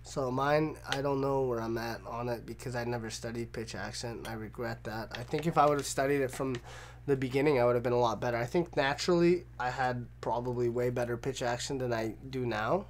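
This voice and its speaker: A man's voice: medium pitch, fairly even intonation, a little fast, hardly any pauses, slight background noise. Joking young man co-hosting a livestream. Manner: joking, teasing banter. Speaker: livestream co-host. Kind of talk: casual livestream chat.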